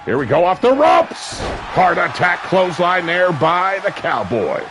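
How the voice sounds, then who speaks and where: A man calling a wrestling match play-by-play, brash and crude, with sudden shouted bursts of excitement. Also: high voice, unhurried, a crowd in the background, noisy background. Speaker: wrestling commentator. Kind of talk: play-by-play commentary. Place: seated at a ringside commentary table.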